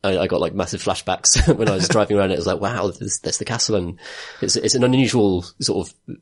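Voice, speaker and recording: A low-pitched British man talks casually on a gaming podcast, circling back on himself and laughing through his sentences. His delivery is loose and unhurried, full of restarts and asides. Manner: rambling, laughs often, many restarts. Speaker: podcast co-host. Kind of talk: casual chat.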